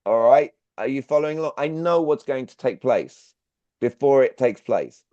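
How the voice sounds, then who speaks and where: A man leads an online sales workshop in a warm, expressive, mid-range voice at a moderate pace, addressing listeners directly and drilling them with questions. The video-call audio is dull and dry, with no echo.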